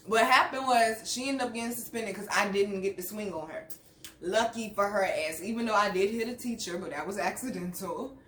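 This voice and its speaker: A woman telling a story with a lot of profanity and laughter, then dropping to hushed asides, in a casual chat on her channel. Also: medium pitch, fairly quick. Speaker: channel host. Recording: echoey room with faint noise.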